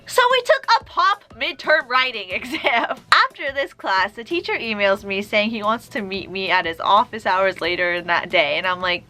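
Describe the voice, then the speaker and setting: A young woman telling a story casually to camera, sarcastic and animated as she acts out both sides of a conversation. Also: a little high, moderate pace, faint music behind. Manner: animated, sarcastic retelling with quoted dialogue. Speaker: vlogger.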